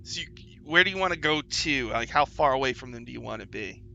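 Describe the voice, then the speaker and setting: A man's voice: medium pitch, animated, quick pace, creaky, sharp tone, muffled recording, slight background noise. A man narrating a tabletop game as game master, often laughing and stumbling over restarts.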